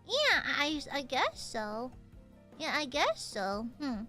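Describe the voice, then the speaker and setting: A woman's voice: high-pitched, huge pitch swings, slow, sharp tone, soft background music. A young woman with a subtle Southern US accent, chatting casually and playfully as a streamer while reading donations. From United States. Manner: chatty, playful, pouty teasing.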